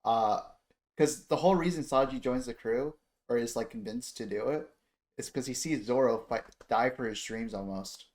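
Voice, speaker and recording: A man's voice: medium pitch, moderate pace, a little mellow. A man co-hosting a podcast, giving laid-back commentary. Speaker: podcast co-host. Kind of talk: casual chat.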